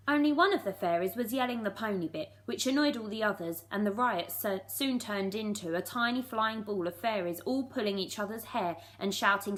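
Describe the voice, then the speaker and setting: A woman teacher reads a children's storybook aloud. Her reading is clear and steady. She brings the narration to life with an expressive touch. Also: mid-range voice, moderate pace, hardly any pauses. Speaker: primary school teacher.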